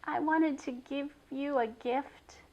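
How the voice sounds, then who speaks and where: A woman's voice: high-pitched, steady tone, takes it slowly, muffled recording, voice pushed up. A woman voicing an upset young girl who scolds in a fierce whisper and then speaks in a shaky voice. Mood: shaky, sad.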